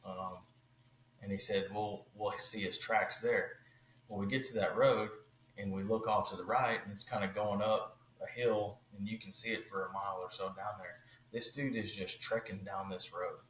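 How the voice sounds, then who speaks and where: Guy with a lowish voice telling a hunt story all animated, kinda echoey room, faint hiss. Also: normal speed. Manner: animated storyteller, lots of "like" and "you know". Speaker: podcast guest. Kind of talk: casual hunting story.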